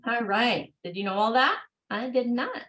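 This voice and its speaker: A woman hosting an online workshop over a video call. She reads training material aloud at a brisk clip and breaks off for upbeat, chatty asides. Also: fairly high pitch, animated, fairly bright tone, rough recording. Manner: brisk reading broken by upbeat exclamations. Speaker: workshop host.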